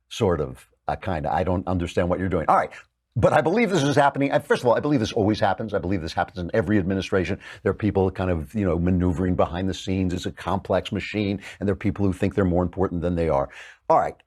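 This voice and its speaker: A man's voice: sits low, quick pace. A man hosting a political talk show, delivering sarcastic, mocking commentary. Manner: sardonic, mocking, lively.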